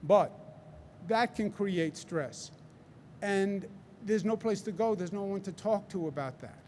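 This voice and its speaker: A man's voice: high voice, unhurried, darkish tone, slight background noise. A man with a Queens New York accent giving a public press briefing, emphatic and repeating key phrases for stress. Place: large indoor hall.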